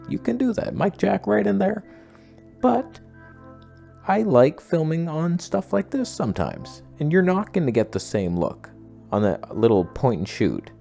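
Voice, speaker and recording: Gravelly, animated man vlogging. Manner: rambling, self-mocking, animated with sudden pitch jumps. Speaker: camera gear vlogger. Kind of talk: casual talking-head vlog.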